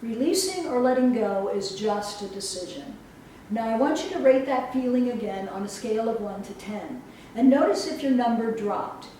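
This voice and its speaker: Woman coach, slightly high voice, emphatic motivational talk, faint hiss behind. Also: expressive, dark tone. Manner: slow, emphatic, soothing instructions. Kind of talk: motivational talk with guided exercise. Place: event hall. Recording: roomy echo from far off, faint noise.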